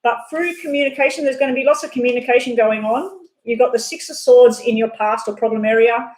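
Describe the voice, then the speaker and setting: A woman doing a live tarot reading, talking fast and rambling off on side chats. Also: a little high, darkish tone. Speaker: tarot reader. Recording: echoey room.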